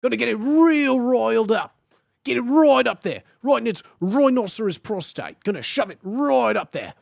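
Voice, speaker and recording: A man voicing a reckless, excitable Australian wildlife-show host with a put-on Australian accent and showman patter. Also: extremely high pitch, moderate pace, creaky, dry recording, clean studio sound, pitched above the performer's own voice, exaggerated voice. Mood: giddy, sneaky. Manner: hushed then giddy showman patter.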